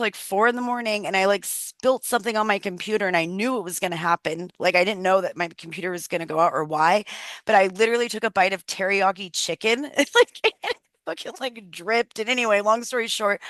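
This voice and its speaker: A woman's voice: on the low side, fairly bright tone, no room sound. A woman in her thirties leading a wellness workshop on a video call, telling personal stories in a chatty, candid way and swearing freely.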